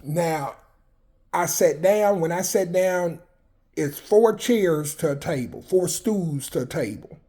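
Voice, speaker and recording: A man's voice: fairly high pitch, lively intonation, slow, dark tone. Blunt, profane man in his fifties. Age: 50s. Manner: blunt, profane, rambling with frequent fillers and restarts. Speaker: vlogger telling personal prison stories. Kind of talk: candid personal storytelling.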